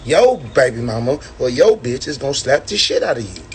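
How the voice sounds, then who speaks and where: A man's voice: mid-range voice, sing-song, brisk, slight background noise. A man ranting and boasting in a brash, profane way on a phone livestream. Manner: brash, swaggering, preachy.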